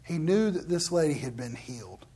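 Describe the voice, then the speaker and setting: This sermon comes in a medium-pitched, mellow, husky voice, animated and at a moderate pace. Speaking candidly and conversationally to the live congregation, the preacher addresses the crowd directly and voices the Bible characters in quotes.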